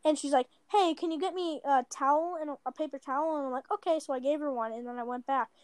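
A woman's voice: high-pitched, quick pace, darkish tone, dry recording. A woman telling a long personal story in a casual chat, rambling with many "like" fillers and self-corrections. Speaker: storyteller guest.

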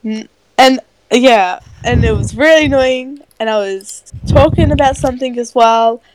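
A woman's voice: on the high side, moderate pace, noisy background. A young woman on a casual podcast call, teasing a friend and laughing through her stories. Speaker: podcast co-host. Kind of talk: casual chat.

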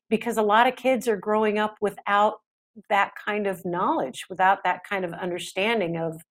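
Podcast guest: middle-aged woman, chatty and animated, mid-pitched voice. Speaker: parenting expert guest. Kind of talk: podcast interview.

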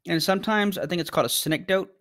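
A man's voice: high-pitched, rapid-fire, a bit bright. A man as a podcast guest explaining ideas in casual conversation, using everyday examples. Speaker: guest apologist.

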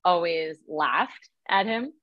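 Laughing woman telling a lively story. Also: fairly low pitch, takes it slowly, dry recording, dull audio. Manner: laughs often, animated storytelling. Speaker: podcast host. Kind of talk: casual podcast chat.

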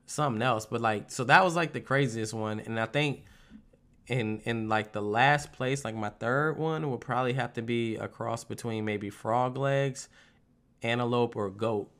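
A young man tells stories in casual, profane chat. His voice is gravelly with a bright, forceful edge. He acts out the lines of the people in his stories with animated energy. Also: mid-range voice, moderate pace. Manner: animated, profane storytelling with lively put-on quotes.

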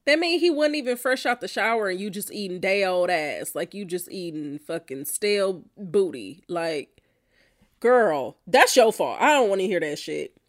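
A woman's voice: medium pitch, animated, normal speed. A woman hosting a podcast, reacting bluntly and profanely to listener answers, often laughing. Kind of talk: casual reaction chat.

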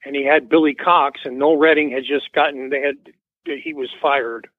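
A man's voice: mid-range voice, fairly even intonation, normal speed, no echo. A man, a musician guest, telling a rambling story in an interview and acting out the quoted dialogue. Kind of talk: casual anecdote in an interview. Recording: tinny dry phone line.

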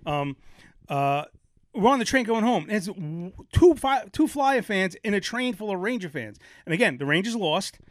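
A man's voice: high voice, sing-song, moderate pace, dry recording, studio quality. A middle-aged man from Brooklyn, telling a rambling, profane story as a podcast host and laughing often. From Brooklyn, New York. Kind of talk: casual chat, storytelling.

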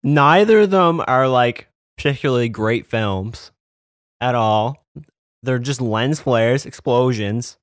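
Slow-talking laid-back man. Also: medium pitch, clean tone, dry recording, clean studio sound. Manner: rambling, heavy on filler words. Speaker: podcast panelist. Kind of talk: casual chat.

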